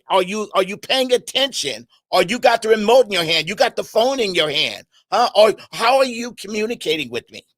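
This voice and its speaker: High-voiced man preaching in dry sound. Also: no echo. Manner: animated, conversational, asks the audience questions; repeats words and restarts often. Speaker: speaker on an internet radio talk show. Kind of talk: preaching-style talk on communication.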